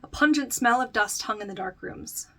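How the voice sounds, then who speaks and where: A woman's voice: a little high, normal speed, sharp tone. A young woman casually recapping a fantasy novel against its TV adaptation, chatting with many fillers, laughing often and reading short passages aloud. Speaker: book reviewer. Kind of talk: casual book-versus-show recap.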